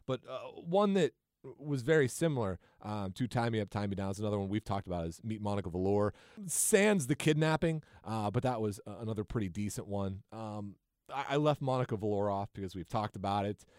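A man's voice: lowish voice, expressive, a little fast, a little mellow, clear, resonant tone, no echo, clean studio sound. A man co-hosting a podcast, chatting casually and enthusiastically about movies with frequent restarts. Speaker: podcast co-host.

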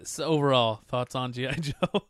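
A man's voice: mid-range voice, normal speed, fairly bright tone, no room sound, studio quality. A man co-hosting a casual movie review chat, blunt and exasperated in his opinions. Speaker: podcast co-host reviewing a movie.

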